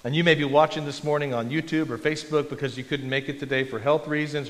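A man's voice: on the high side, fairly bright tone. A man preaching a conversational, self-deprecating sermon in a church. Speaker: pastor. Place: church sanctuary. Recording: long reverb of a large hall.

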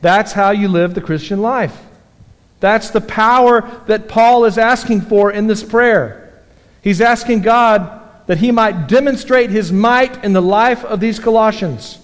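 High-voiced preacher in a reverberant church. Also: male voice, unhurried. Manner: folksy storytelling preacher, rising to emphatic exhortation. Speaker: pastor. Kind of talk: sermon. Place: church sanctuary. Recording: long hall reverb.

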